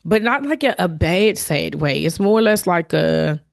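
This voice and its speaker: A woman's voice: on the low side, animated, moderate pace, gravelly. A woman hosting her own podcast, talking candidly and from the heart in a reflective solo monologue, with fillers and restarts. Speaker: podcast host.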